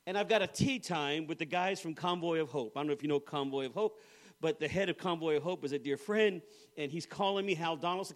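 A middle-aged male pastor with a high, light voice, preaching to a church. He tells a funny personal story, slipping into the voices of the people in it before turning to scripture. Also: fairly quick. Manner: storytelling with humor, acting out quoted voices. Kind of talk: sermon.

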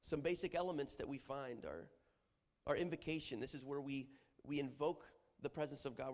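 A man giving a lively, humorous church teaching, acting out prayers as he explains them. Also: on the high side, moderate pace, pauses often. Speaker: Bible teacher. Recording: long hall reverb.

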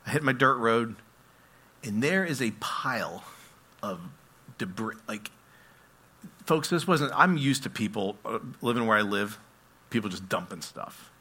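Animated bright-voiced preacher man. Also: lowish voice, unhurried, pauses often, slightly rough. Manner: storytelling, animated, acts out voices, swings loud and soft. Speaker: pastor. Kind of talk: sermon.

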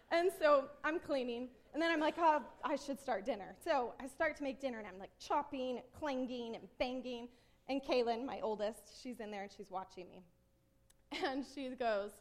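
A woman's voice: high voice, expressive, normal speed. A woman, preaching a sermon as a self-mocking personal story and acting out the voices in it.

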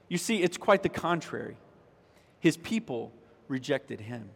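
A man's voice: on the high side, big pitch swings, measured pace, creaky. Man preaching a sermon in a reverberant hall. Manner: conversational preaching with emphatic rises. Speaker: pastor. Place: church sanctuary. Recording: long reverb of a church hall.

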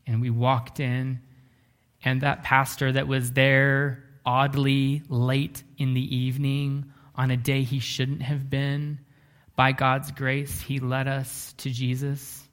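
A man preaching a sermon, telling a story earnestly, slowing down and dropping to a hush for emphasis. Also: mid-range voice. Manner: earnest, often slows down and drops to a hush for emphasis. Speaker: pastor.

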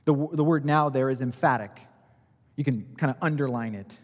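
A man's voice: mid-range voice, a little fast. A man preaching a conversational expository sermon as pastor, explaining by analogy and swelling when he stresses a point. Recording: reverberant hall.

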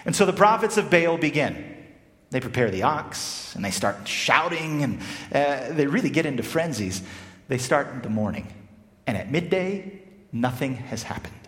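A man from South Africa preaching a sermon, animated, swinging between loud emphasis and hushed, quiet phrases. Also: mid-range voice, moderate pace. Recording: echoey hall with long reverb.

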